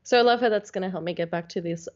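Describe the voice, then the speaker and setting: A woman co-hosting a podcast in casual chat, reacting quickly and animatedly. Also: fairly low pitch, darkish tone, muffled recording. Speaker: podcast co-host.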